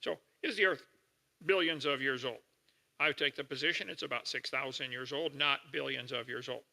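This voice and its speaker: Older guy lecturing a crowd, homey examples, gravelly, big hall echo. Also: medium pitch, steady tone, bright, forceful tone. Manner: explains slowly with homely examples, checks with listeners. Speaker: creationist lecturer. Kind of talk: folksy lecture to an audience. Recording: reverberant hall recording.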